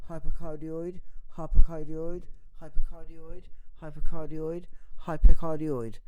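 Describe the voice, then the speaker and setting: A man's voice: a little high, level tone, measured pace, warm tone, a little hiss or hum. A man chatting casually as he repairs a microphone at his workbench, repeating short test phrases over and over. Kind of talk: casual talk while working and testing.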